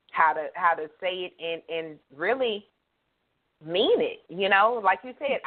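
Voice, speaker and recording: A woman from Louisiana with a Louisiana accent, hosting a casual call-in radio talk show in a chatty, affirming way. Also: on the low side. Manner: affirming, chatty, lots of mm-hmms. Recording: tinny phone line.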